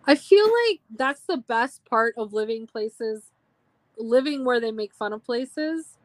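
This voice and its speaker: A woman's voice: on the high side, animated, slow. A woman from Minnesota chatting wryly as a podcast guest, laughing easily. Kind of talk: casual podcast chat.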